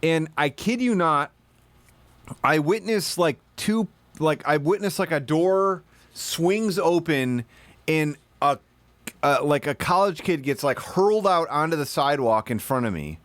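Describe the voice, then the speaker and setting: A man streaming live, telling rambling, profane stories in casual chat and now and then bursting into shouted put-on voices. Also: a little high, animated, unhurried, dry recording.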